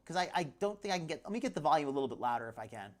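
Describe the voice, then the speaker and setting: Woman livestream host, low-ish voice, very lively intonation, loose and laughing. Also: rapid-fire. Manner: chatty, laughs often, breaks off mid-sentence. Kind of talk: live commentary on social media clips.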